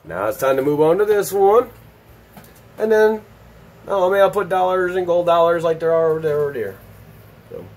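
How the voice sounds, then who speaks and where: A man opening fan mail on camera in an excited, gushing, exclamatory vlog chat. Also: high-pitched, a little hiss or hum. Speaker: YouTube vlogger opening mail. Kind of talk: excited casual unboxing chat.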